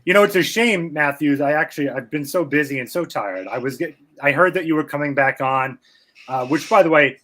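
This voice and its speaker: A man's voice: fairly high pitch, fairly quick, pushed and bright. A man co-hosting a casual live-stream chat, joking and teasing with boastful banter. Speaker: podcast co-host.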